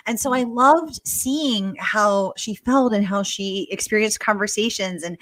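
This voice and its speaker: A woman's voice: mid-range voice, unhurried, a bit bright, no echo. A woman in her forties hosting a book interview over a video call, enthusiastic and full of fillers and restarts as she builds her questions. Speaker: host.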